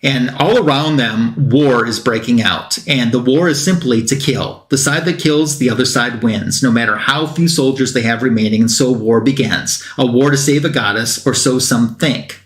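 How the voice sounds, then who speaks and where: A man's voice: mid-range voice, normal speed, few pauses, echoey room. A man on a comic book talk show retelling a plot in a casual, rambling way, with fillers and quotes that he acts out.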